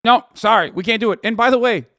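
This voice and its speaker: A man streaming, commenting heatedly on clips in profane casual talk that rises into shouting rants. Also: very high-pitched, quick pace, no echo, clean studio sound.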